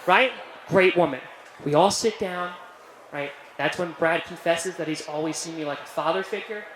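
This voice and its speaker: A young male comedian working a club crowd through a handheld stage mic. His voice sits a bit high for a man, and he keeps checking in with "right?". The sound is roomy, with a faint hum of the venue behind him. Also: normal speed. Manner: animated, keeps asking "right?", jokey self-praise. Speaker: stand-up comedian. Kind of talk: stand-up comedy set.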